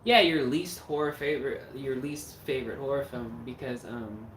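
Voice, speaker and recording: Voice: medium pitch, normal speed, a bit bright, far from the mic. A horror filmmaker hosting a casual livestream chat. The host rambles and swears freely. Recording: roomy echo, mic set back, faint noise.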